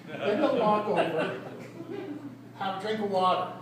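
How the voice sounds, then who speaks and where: A man's voice: high voice, normal speed, pauses often, noisy background. An older man doing a rambling, self-deprecating stand-up set, trailing off mid-joke. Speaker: stand-up comedian. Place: comedy club stage. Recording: echoey club recording from far off with crowd laughter. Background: audience laughing.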